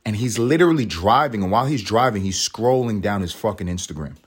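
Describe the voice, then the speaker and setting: A man hosting a podcast, telling a story in an animated way and swearing constantly. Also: lowish voice, fast, breathy edge. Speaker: podcast host. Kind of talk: storytelling monologue.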